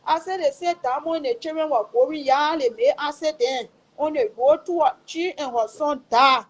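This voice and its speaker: A woman's voice: high-pitched, normal speed, rough recording. A middle-aged woman with a Liberian English accent emotionally recounting a family tragedy, acting out the quoted dialogue with exclamations. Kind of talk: emotional personal storytelling.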